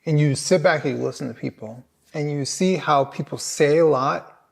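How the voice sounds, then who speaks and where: A man's voice: a little high, moderate pace, creaky. A man, a writer hosting a casual conversation, talking in a reflective, wry way. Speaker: host, writer.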